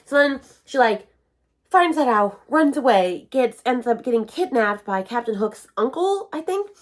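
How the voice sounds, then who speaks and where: A woman's voice: fairly high pitch, a little slow. A woman, talking casually in a reading vlog, ranting about books and quoting characters. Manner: animated, ranting, quotes characters in voices. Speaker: book vlogger.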